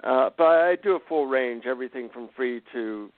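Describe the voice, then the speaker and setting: A male psychotherapist and author telling an animated anecdote as an interview guest. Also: mid-range voice, normal speed, no room sound. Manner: animated, self-deprecating anecdotes. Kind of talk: conversational storytelling. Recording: dry, tinny phone-line sound.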